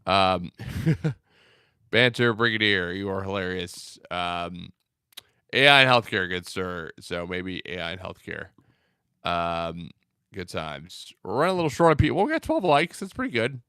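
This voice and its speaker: A man's voice: deep voice, big pitch swings, unhurried, sharp tone, smooth, no room sound, studio quality. A young man hosting a casual livestream, reading out viewer comments in a loose, rambling way with many fillers. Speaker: livestream host.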